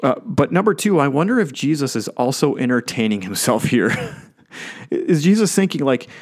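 A man's voice: medium pitch, lively intonation, normal speed. Chuckling, conversational male preacher. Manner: conversational, chuckles often, asks the audience questions. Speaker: pastor. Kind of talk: sermon.

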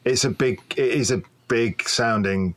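A man guesting on a podcast, talking in a relaxed, rambling way with lots of fillers. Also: medium pitch, measured pace. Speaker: guest, pedal maker. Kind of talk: casual interview chat.

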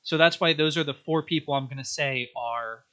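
A young man chatting as a podcast guest, telling stories in an animated way and acting out characters' lines. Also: a little high, moderate pace. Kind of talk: casual podcast chat.

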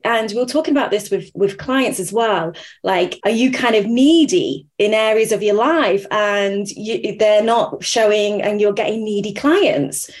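A woman hosts a podcast in a relaxed chat. She tells stories with energy and acts out what people said. Her voice sits at a middle pitch. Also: unhurried, few pauses. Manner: animated storyteller, acts out quotes. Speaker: podcast host. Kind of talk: casual interview chat.

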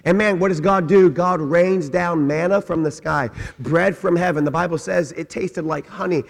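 A male pastor preaching a lively sermon, retelling the story with acted-out voices and a habit of saying "man". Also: sits high, normal speed, vocal fry, long reverb tail. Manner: storytelling, acting out voices, says "man" often. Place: church sanctuary.

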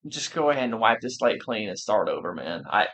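A man's voice: fairly low pitch, very animated, fairly quick, a bit bright. A man co-hosting a casual sports podcast, talking emphatically and animatedly with many restarts. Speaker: podcast co-host.

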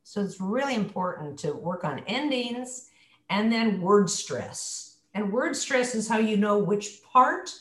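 Animated woman voice coach, echoey room. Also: medium pitch, measured pace. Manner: demonstrative, models sounds and words aloud. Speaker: voice and pronunciation coach. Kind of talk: coaching talk on a group video call.

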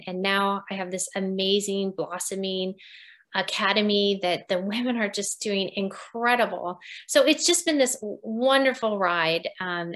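A woman in her fifties, a podcast guest telling her story in a lively interview, laughing often and acting out quoted dialogue. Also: medium pitch. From United States. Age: 50s.

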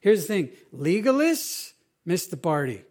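Male pastor, middle-aged, high-pitched voice, animated conversational preaching style. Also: measured pace. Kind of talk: sermon.

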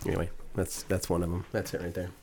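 A man co-hosting a podcast in casual chat, joking and quick to laugh. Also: deep voice, monotone, vocal fry, a little mellow, husky. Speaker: podcast co-host.

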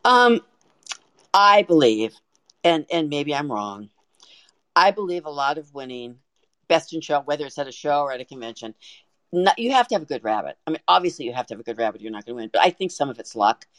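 A woman guest on a podcast, telling a story in an excited, animated way with frequent restarts. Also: deep voice, a little fast, dry recording. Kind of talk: casual storytelling.

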